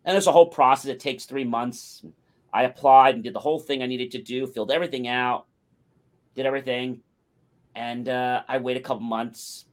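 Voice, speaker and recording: A man co-hosting a talk show, telling a long personal story and acting out the quotes. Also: medium pitch. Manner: animated anecdote with acted-out quotes. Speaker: podcast co-host. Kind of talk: casual storytelling.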